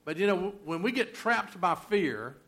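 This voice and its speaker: A man's voice: high-pitched, big pitch swings, moderate pace, bright, forceful tone. A middle-aged man preaching a sermon in a folksy, conversational way, full of rhetorical questions. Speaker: pastor.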